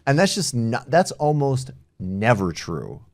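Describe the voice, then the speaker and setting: A male podcast host in casual political chat, animated and swearing freely as he jokes. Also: medium pitch, unhurried, no room sound.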